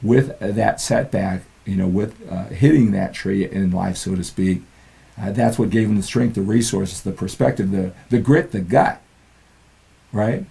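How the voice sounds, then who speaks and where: Older male coach, very gravelly and mellow, earnest motivational talk, keeps asking "right?". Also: lowish voice, unhurried. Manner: earnest, peppers lines with "right?". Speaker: fitness and mindset coach.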